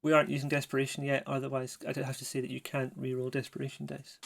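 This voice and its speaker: A man's voice: mid-range voice, monotone, fast, gravelly. A man acting as game master, explaining the rules and narrating in a casual, hesitant way. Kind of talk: running a tabletop game.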